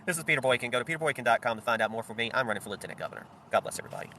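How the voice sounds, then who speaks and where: A man's voice: mid-range voice, rapid-fire, bright, forceful tone. A middle-aged man giving solo political commentary, blunt and sarcastic in tone.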